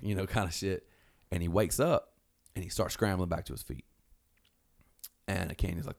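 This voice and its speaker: A man's voice: low-pitched, brisk, creaky. A man casually telling a rowdy story, swearing and acting out what people said in raised voices. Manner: animated, swearing, acts out quotes in raised voices. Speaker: storyteller guest.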